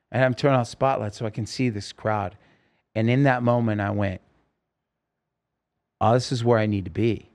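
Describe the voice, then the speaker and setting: A man's voice: medium pitch, steady tone, moderate pace, a little mellow. A man telling his life story as a podcast guest, acting out the voices of people he quotes. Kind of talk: storytelling interview. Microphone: podcast microphone.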